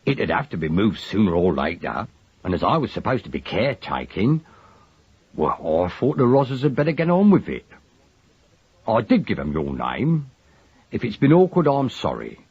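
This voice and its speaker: A man voicing a truculent middle-aged Cockney manservant with a husky, grumbling, slangy delivery, on a dull lo-fi recording. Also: on the low side, huge pitch swings, moderate pace, no room sound, exaggerated voice. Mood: rattled.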